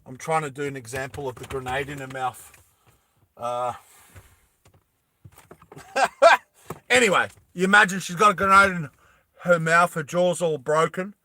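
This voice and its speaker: A man casually retelling a movie plot, animated and rambling, often laughing. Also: on the high side, moderate pace. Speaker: storyteller.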